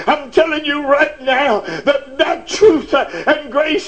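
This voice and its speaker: A man preaching a sermon with impassioned emphasis, often pushing his voice to a shout and dropping "uh" between phrases. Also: very high voice, steady tone, slow pace, few pauses, low-quality recording. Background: faint congregation responses.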